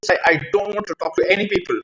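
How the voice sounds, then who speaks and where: A man on a rambling live stream, distressed and close to tears, talking in halting bursts that repeat words as he pleads about his grievances. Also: sits high, a bit bright. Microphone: phone mic. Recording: lo-fi phone screen recording.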